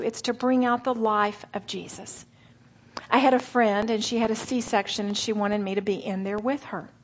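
A middle-aged woman preaching earnestly to a women's gathering, slowing for emphasis and dropping to soft whispered asides. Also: a little high, breathy edge. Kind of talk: sermon.

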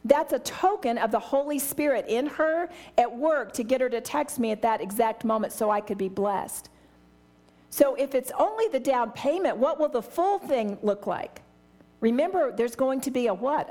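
A middle-aged woman's high-leaning, darkish voice leads an enthusiastic Bible study. Full of exclamations, she explains by acting out small scenes with voices.

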